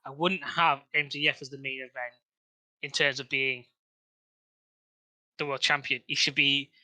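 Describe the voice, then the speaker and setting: A man's voice: mid-range voice, flat delivery, unhurried, bright, forceful tone, no room sound. A man co-hosting a casual wrestling podcast, rambling and restarting his sentences, with frequent swearing. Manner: rambling, restarts often, lots of fillers and swearing. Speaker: podcast co-host.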